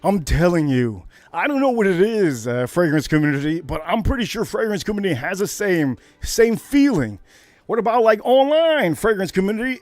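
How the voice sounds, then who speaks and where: A man hosting a livestream, telling a story to his chat in a loose, excitable way with loud bursts and swearing. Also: high voice. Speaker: livestream host. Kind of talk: casual storytelling to a live chat.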